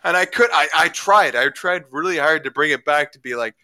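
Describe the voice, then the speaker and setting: A man's voice: a little high, brisk, pushed and bright. A man from Canada in casual talk, telling a story with many stammered restarts and getting worked up. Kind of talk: casual chat.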